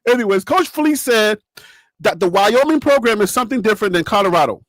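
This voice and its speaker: A man hosting a sports talk channel, talking straight to his viewers and chat in a lively, animated way and laughing often. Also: high-pitched, a little fast, no room sound, studio quality. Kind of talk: casual live-stream commentary.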